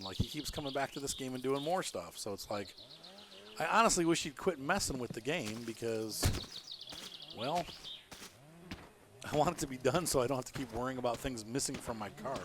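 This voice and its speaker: A man's voice: medium pitch, moderate pace. A man chatting his way through a live gameplay stream from home, rambling and laughing often. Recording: loud background noise.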